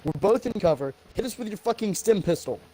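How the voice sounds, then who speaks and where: This man from the American South has a fairly high voice for a man. He talks while gaming on a live stream, swearing freely and snapping at teammates when play goes wrong. He often gets tongue-tied, stops and starts again. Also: animated, fairly quick, mellow, husky, low-quality recording. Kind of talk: casual chat while gaming.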